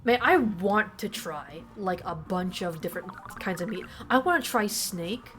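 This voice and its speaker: A young woman streams a game, chatting casually in a rambling, profane way full of fillers and heavy use of "like," with game music in the background. Her voice is on the low side, expressive and fairly bright, at a measured pace.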